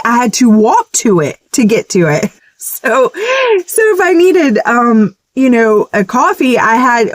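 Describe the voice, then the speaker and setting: A woman's voice: on the high side, dry recording. A woman sharing a casual, earnest testimony in a vlog, chatty and emotional. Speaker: ministry vlogger.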